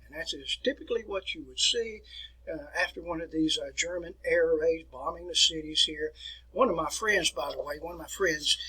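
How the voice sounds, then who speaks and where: A man's voice: fairly high pitch, sharp tone, slightly rough, poor audio. A middle-aged man teaching a recorded history lecture, folksy and digressive, talking to his students as folks.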